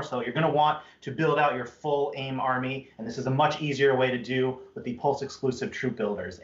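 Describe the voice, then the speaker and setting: A man's voice: mid-range voice, fairly bright tone. A man hosting a live stream product presentation, upbeat and chatty with many fillers. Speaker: toy brand host. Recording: muffled, roomy stream audio.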